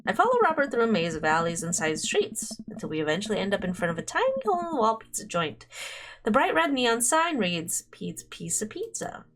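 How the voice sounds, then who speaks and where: A woman's voice: mid-range voice, very animated, a little fast, fairly bright tone. A young woman streamer reading a dating game aloud, playful and giggly, breaking into commentary. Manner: giggly, playful, frequent laughter. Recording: faint game music behind.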